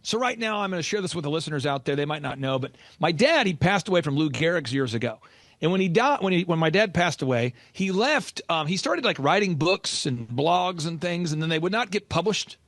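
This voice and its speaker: This motivational podcast clip features a male business coach whose fairly high, fairly bright voice swings widely in pitch at a fairly quick pace. The audio is dry, with no room sound. He sounds urgent and emphatic and repeats important lines for stress.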